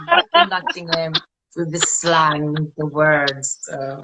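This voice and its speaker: A woman co-hosting a podcast in casual chat, animated and teasing, swearing casually. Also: on the low side, unhurried. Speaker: podcast co-host. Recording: clear background noise.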